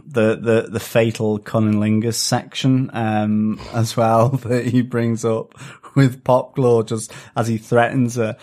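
A man's voice: on the low side, darkish tone. A man co-hosting a podcast, talking through a show in a loose, hesitant way and chuckling often. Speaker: podcast co-host. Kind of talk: casual review chat.

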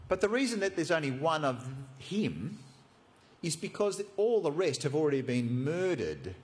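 A man preaching a sermon, retelling a Bible story with playful, conversational asides. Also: medium pitch.

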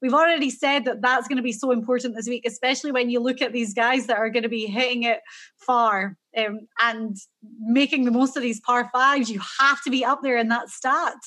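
A woman's voice: a little high, steady tone, fairly quick, bright, forceful tone. A woman with a Scottish accent, co-hosting a casual golf analysis chat and thinking aloud with fillers. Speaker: co-host.

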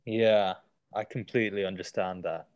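A man's voice: low voice, steady tone, normal speed, muffled recording. Laid-back joking man co-hosting a podcast. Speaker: podcast co-host. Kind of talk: casual chat over a video call. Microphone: video call.

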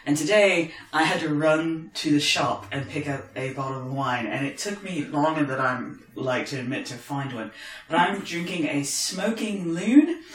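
Over wine at home, this podcast co-host keeps the talk casual, chatty and full of wry jokes. He speaks in posh London English with some northern tweaks, his voice a little high, expressive and fairly bright at a normal speed. The room gives it a noticeable echo.

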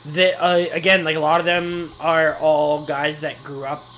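A man's voice: on the high side, little pitch movement, measured pace, fairly bright tone, a little hiss or hum, poor audio. A young man co-hosting a podcast, dry and teasing in a casual sports chat. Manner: dry, teasing, matter-of-fact. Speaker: podcast co-host.

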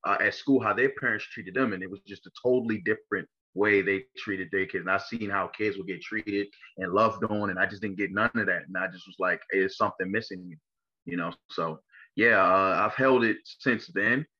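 A young man from Maryland speaks with a fairly low voice, halting often and restarting his sentences. The recording sounds a little dull and lo-fi, as if the top end is cut off. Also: bright, forceful tone, breathy edge. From Maryland, USA. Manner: halting, full of fillers and repeated starts. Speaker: interview guest. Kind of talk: personal testimony interview.

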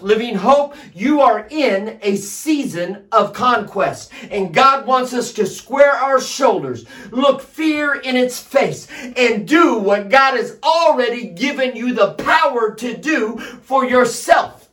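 A man pastor delivers a sermon in a strikingly high voice that climbs into loud shouted calls. He drives each point home with repeated refrains. He sounds set back from the mic, somewhat distant. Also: expressive, slow pace. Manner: preaching with rising shouted emphasis. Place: streamed service addressed to home viewers.

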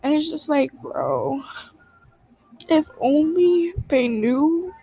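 A young woman student venting about her parents in a halting, hurt way, full of fillers, in an emotional confessional vlog. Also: high-pitched, animated, warm tone, no room sound, rough recording.

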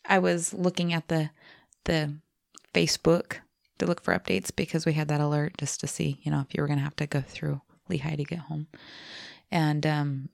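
A woman's voice: deep voice, vocal fry, darkish tone, no room sound, clean studio sound. A woman co-hosting a casual podcast chat, telling rambling stories with lots of giggles. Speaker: podcast co-host.

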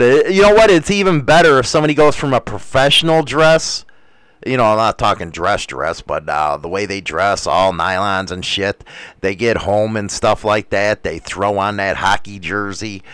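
A man's voice: on the low side, a bit bright, clean tone, no echo. A man hosting a casual livestream, rambling through crude, profane jokes while reading from the chat.

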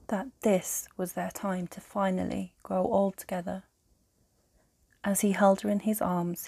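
A woman reads a romantic fairytale in a calm, hushed way. Her voice sits low and stays even, with a touch of fry and a mellow, dark tone. The recording is dry and close. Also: no echo. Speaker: narrator and co-host. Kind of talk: calm scripted story narration.

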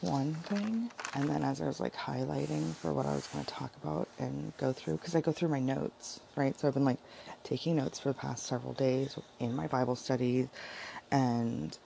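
A woman chatting casually about her Bible devotions, rambling and correcting herself often, with a heavy vocal fry. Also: extremely low pitch, fairly even intonation, moderate pace, mellow, slight background noise, rough recording. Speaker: vlogger sharing Bible devotions.

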